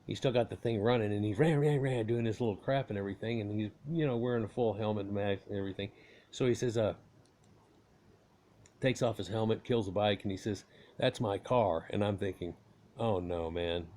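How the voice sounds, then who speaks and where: A man's voice: fairly low pitch, steady tone, fast talker, warm tone. Folksy man rambling through a story. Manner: rambling, folksy, swears casually. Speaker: car owner telling a story. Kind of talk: casual storytelling.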